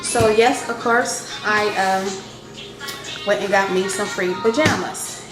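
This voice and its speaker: A young stay-at-home mom vlogs from her kitchen, talking straight to viewers in a chatty way and saying "y'all" often. Her medium-pitched voice is slow, and the room is echoey with loud background music.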